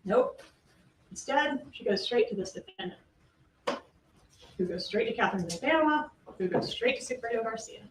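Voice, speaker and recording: A woman's voice: on the high side, lively intonation, normal speed, long pauses, a little hiss or hum. A woman prosecutor giving a courtroom closing argument, emphatic and full of rhetorical questions. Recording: echoey room, distant mic, faint ambience.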